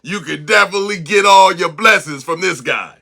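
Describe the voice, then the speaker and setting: A high, gravelly male host who rattles off betting picks in a rhyming, sing-song flow. His voice is sharp and bright, with faint music behind him. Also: moderate pace. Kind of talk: hyped sports-betting talk.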